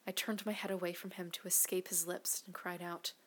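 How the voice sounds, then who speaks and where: A woman narrating an erotic audio story, mostly in a hushed, breathy whisper. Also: lowish voice, little pitch movement, fairly quick. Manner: hushed, breathy, intimate delivery.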